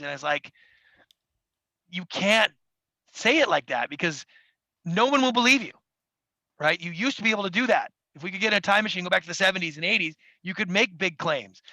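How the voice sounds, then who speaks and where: Gravelly bright-voiced man, animated. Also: sits high, no echo, poor audio. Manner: acts out quoted people in quick voices. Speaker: podcast guest, TV producer. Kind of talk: animated interview talk. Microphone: studio mic.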